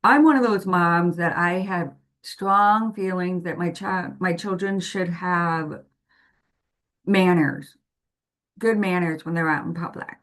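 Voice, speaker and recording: A woman with a slightly low voice guides parents through a talk, unhurried and deliberate. She explains patiently and leans on everyday examples to make each point clear. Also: a bit bright. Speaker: parent guide presenting to families. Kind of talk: slow, explanatory presentation to parents.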